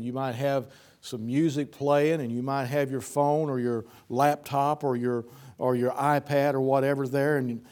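A man delivers a sermon in plain, folksy language, repeating words for emphasis and moving between loud outbursts and quiet, soft phrases.

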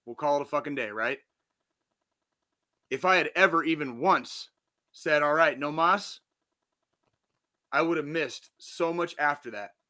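A man's voice: a little high, normal speed, pauses often, bright, forceful tone. A man in his forties hosting a podcast, giving a blunt, heavily profane but earnest motivational pep talk. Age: 40s. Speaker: podcast host. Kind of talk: casual motivational monologue.

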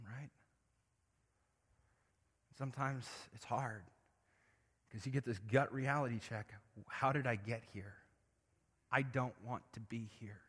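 A man preaching a sermon as pastor, moving between hushed, intimate passages and loud, impassioned swells. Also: medium pitch, breathy edge, in a large hall.

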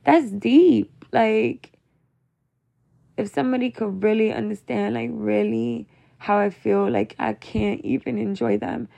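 A young woman speaks in a casual confessional monologue, her slightly raised voice thick with vocal fry. She rambles emotionally about being a mother and fills her sentences with "like" and "you know.". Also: a little high, steady tone, a little slow, mellow. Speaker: mother venting to viewers.

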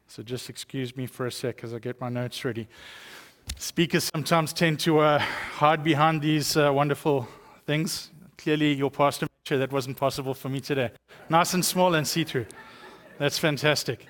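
A man's voice: on the high side, fairly even intonation, normal speed, fairly bright tone. Joking South African man in a reverberant church. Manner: chatty and joking, with many fillers. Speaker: guest speaker at a church. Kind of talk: sermon testimony. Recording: long church hall reverb.

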